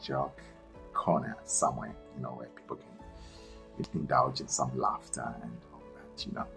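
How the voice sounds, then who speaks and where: Playful young groom with a deep voice, earnest and low-key, as a narrator puts him on. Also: male voice, steady tone, unhurried, gravelly, a bit bright, faint music behind, exaggerated voice.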